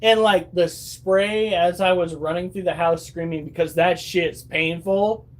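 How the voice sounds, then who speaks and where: A man in his thirties with a high voice talks to his phone at home, rambling through stories for his viewers. He swears freely and acts out what people said. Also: fairly even intonation, measured pace. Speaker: vlogger. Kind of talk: casual storytelling to viewers.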